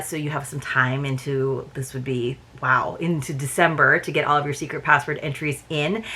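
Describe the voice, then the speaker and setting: A chatty woman hosts an unboxing vlog in a casual, friendly ramble, often pausing on "uh" as she goes. Her voice sits a little low for a woman. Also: pushed and bright. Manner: chatty, with frequent "uh" fillers. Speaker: unboxing channel host.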